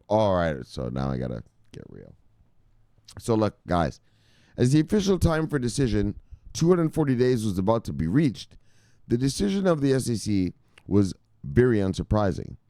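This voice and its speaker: A man hosting a crypto news show, ranting with heavy swearing, jumping between loud outbursts and low mutters. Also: very animated, normal speed, no echo, studio quality. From United States. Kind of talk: profane animated ranting commentary.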